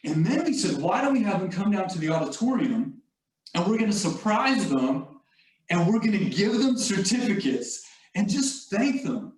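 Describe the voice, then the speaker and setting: Man, high voice, leadership speaker, conversational storytelling, roomy echo. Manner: storytelling, conversational with filler "like" and "you all". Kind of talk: motivational talk. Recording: echoey room, distant mic.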